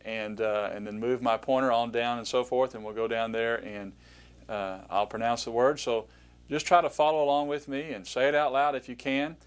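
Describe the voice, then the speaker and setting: A man's voice: medium pitch, smooth. A man teaching a recorded Greek lesson, patiently pronouncing each word aloud with frequent hesitations.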